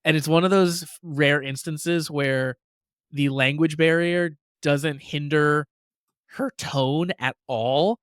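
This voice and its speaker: A man's voice: fairly high pitch, steady tone, takes it slowly, a bit bright, clean tone, no echo, studio quality. A man co-hosting a podcast, talking in an enthusiastic, gushing way with lots of casual fillers. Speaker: podcast co-host. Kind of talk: casual chat.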